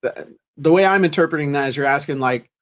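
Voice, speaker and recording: A man's voice: on the high side, quick pace. Joking, chatty podcast co-host man. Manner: joking, self-deprecating, chatty. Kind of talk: casual chat.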